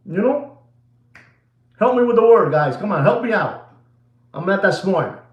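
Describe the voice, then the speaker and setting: Pitched high and unhurried, the voice belongs to a watch-channel host whose muffled, echoey recording captures a theatrical rant aimed at viewers. Excitable by nature, he keeps breaking off into asides in Spanish.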